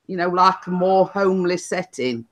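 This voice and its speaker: A woman's voice: fairly low pitch, normal speed. A woman hosting a live stream, chatting casually with lots of fillers and laughter. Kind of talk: casual chat.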